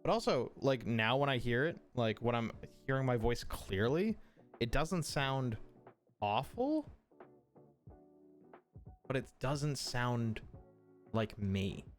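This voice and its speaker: A man's voice: mid-range voice, big pitch swings, slow, long pauses, faint music behind. A man streaming live in casual chat, thinking aloud as he works, swearing offhandedly and apologizing often, into a streaming mic. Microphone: streaming mic through an audio mixer.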